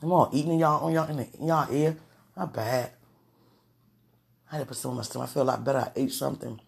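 Woman with a gravelly voice, giggly and gushing, for casual vlog talk and prayer. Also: extremely low pitch, fairly even intonation, fast. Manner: giggly, gushing, breathless exclamations.

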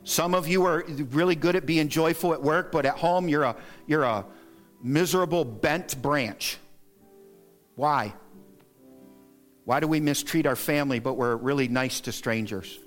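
In a church sanctuary, a middle-aged male pastor delivers an earnest, exhorting sermon at a measured pace with faint music behind him. He lists his points and raises his pitch to stress them.

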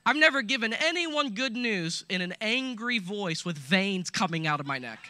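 A man preaching a sermon, animated and joking, laughing between points and calling out to his listeners. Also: high voice, normal speed. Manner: animated, laughing asides, call-and-response. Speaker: pastor.

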